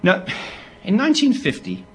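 A man, preaching a sermon in an animated storytelling way, with asides to the people listening. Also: high-pitched, normal speed, a little hiss or hum. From Britain. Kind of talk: sermon to a live audience.

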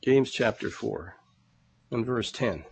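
The male pastor's voice is medium in pitch, creaky and edged with breath, and he preaches at a slow pace. His sermon is earnest and conversational; he refers to the congregation as brethren and tends to repeat words while searching for the next.

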